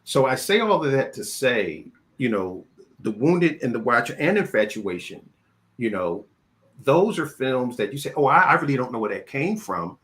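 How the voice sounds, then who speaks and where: A man's voice: medium pitch, sing-song, moderate pace, fairly bright tone. A man hosting a film interview, chatting casually and telling stories, often repeating words as he starts a sentence. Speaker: interview host.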